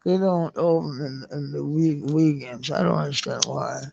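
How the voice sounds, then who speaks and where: A man rambling in a halting live-stream monologue, repeating words, trailing off and swearing. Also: fairly high pitch, steady tone, gravelly, a little mellow, dull audio. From Denmark.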